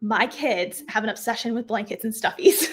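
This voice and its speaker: A middle-aged woman leads a live craft tutorial in a chatty, upbeat manner. Her voice sits a little high and runs slightly hoarse. She pokes fun at herself as she goes. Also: normal speed. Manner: chatty, upbeat, self-deprecating. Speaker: craft workshop host.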